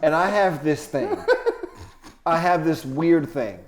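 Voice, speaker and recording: Male stand-up comic, guest storyteller; slightly high voice, animated and profane, big swings from mutter to outburst. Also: takes it slowly. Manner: animated, profane, swings between low asides and loud outbursts. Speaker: touring comedian guest. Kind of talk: comedic storytelling on a podcast.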